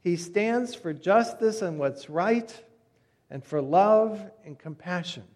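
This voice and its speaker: Male pastor, chatty sermon delivery that fades soft at phrase ends, lightly raised pitch, echoing sanctuary. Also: lively intonation, takes it slowly. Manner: conversational storytelling, voice drops soft at phrase ends. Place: church sanctuary. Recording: long reverb of a church hall.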